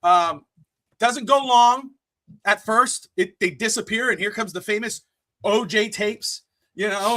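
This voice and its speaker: A man co-hosting a podcast, chatting with an excitable, animated delivery. His voice sits high and sounds bright and sharp. The recording is dry and close. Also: a little slow, no room sound. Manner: excitable, animated, with playful bursts. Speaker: podcast co-host. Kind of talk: casual wrestling podcast chat.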